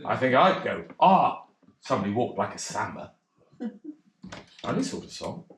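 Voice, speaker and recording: A man's voice: mid-range voice, very animated, normal speed, far from the mic, lightly acted. A man playing a nervous rambling pianist. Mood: musing. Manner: stammering, rambling, giggly. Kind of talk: stage play acting. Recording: roomy sound heard from afar.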